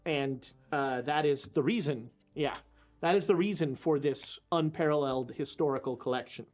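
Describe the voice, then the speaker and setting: A woman running a tabletop horror game as game master, talking in a relaxed way with frequent hesitations. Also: deep voice, normal speed. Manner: relaxed, hesitant with many fillers.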